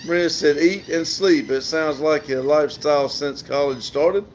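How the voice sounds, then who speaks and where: A man's voice: a little high, moderate pace, a little hiss or hum. Southern man chatting on a livestream. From southern United States. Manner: chatty, laughs often, reads comments aloud. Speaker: livestream host reading chat. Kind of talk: casual live chat. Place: outdoors.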